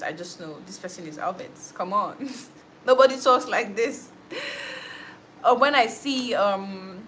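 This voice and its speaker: Over poor audio with slight background noise, a young woman's mid-range, fairly bright voice comes through as she hosts a livestream. A musician, she laughs a lot and replies to viewer comments in a casual way.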